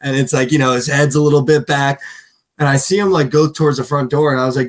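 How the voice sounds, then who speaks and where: A man's voice: mid-range voice, fairly even intonation, fast talker. Casting: young male podcast co-host, loose and rambling, mid-range voice. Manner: rambling storyteller, lots of "like" and "dude". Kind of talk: casual sports betting chat.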